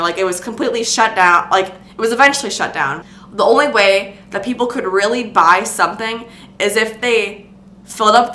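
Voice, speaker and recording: Bright-voiced young woman, rambling storytime. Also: medium pitch, roomy sound. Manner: rambling, many filler words and restarts. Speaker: vlogger recounting retail job. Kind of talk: casual storytime vlog.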